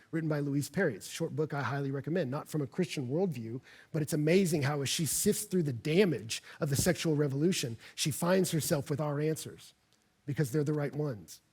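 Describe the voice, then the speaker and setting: A male pastor preaching a sermon, earnest, rising to loud emphatic peaks as he reads passages aloud. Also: on the high side, husky. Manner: earnest, builds to loud emphatic peaks when reading scripture. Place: church.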